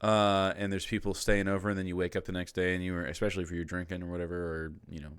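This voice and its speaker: A man with a lowish voice talks casually on stream, swearing freely and ranting in exasperation. The sound is close and dry, with no room around it. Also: little pitch movement, fast, clean tone, no echo. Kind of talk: casual reaction commentary.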